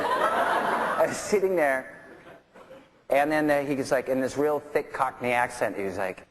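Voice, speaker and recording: A man's voice: mid-range voice, a little fast, a crowd in the background. A man who plays in a touring rock band, telling a rambling anecdote in an interview, laughing often and acting out the voices of the people in his story. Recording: interview clips with clear background noise.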